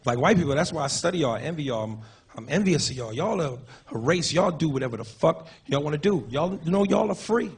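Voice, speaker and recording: A man doing a crude, animated stand-up comedy set on a club stage with a handheld mic. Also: on the high side, fast, gravelly. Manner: crude, animated, profane jokes. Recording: noisy live club recording. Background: audience laughter.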